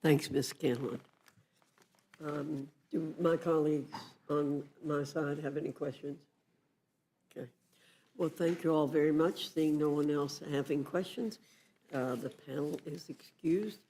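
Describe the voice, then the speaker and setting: Slow-speaking committee chairman. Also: a little high, fairly even intonation, a little mellow, a little hiss or hum. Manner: slow, procedural. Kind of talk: chairing a hearing.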